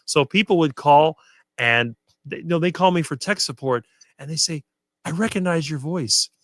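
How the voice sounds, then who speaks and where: Middle-aged male guest, smooth talker with no ums, dry close mic. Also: on the high side, fairly bright tone, dry recording. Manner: fluent and quick, few fillers. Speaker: guest on a diet talk show. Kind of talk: casual conversation on a live stream.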